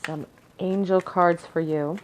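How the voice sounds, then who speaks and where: A woman's voice: lowish voice, steady tone, slow, a little mellow, slight background noise, rough recording. A young woman giving an encouraging, earnest pick-a-card tarot reading to her viewers. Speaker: tarot reader.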